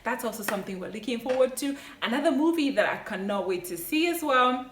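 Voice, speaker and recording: A woman's voice: on the high side, expressive, fast talker, slight background noise. A woman giving an enthusiastic, chatty movie review vlog, talking straight to her viewers and wandering off on side points. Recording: roomy echo, mic at a distance.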